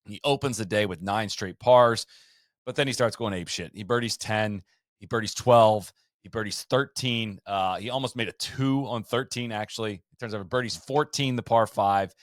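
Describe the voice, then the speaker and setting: A man's voice: fairly low pitch, normal speed, no room sound, clean studio sound. A man hosting a podcast, telling golf history in a casual, storytelling way and reading out quotes and stats. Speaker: podcast host.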